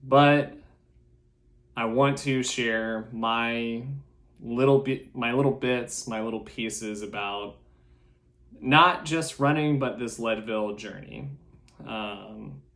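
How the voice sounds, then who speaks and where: A man hosts a solo podcast, speaking slowly and deliberately at a mid-range pitch. He sounds earnest and a little nervous, pausing and restarting as he pokes fun at himself. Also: fairly bright tone. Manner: earnest, self-deprecating, halting. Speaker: podcast host.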